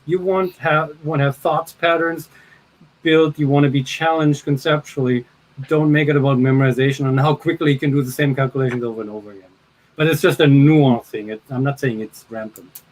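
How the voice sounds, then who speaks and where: A man's voice: medium pitch, steady tone, a little fast, low-quality recording. Blunt man chatting on a panel. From Germany. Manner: blunt, swears casually, emphatic. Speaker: panel guest. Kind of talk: casual panel chat.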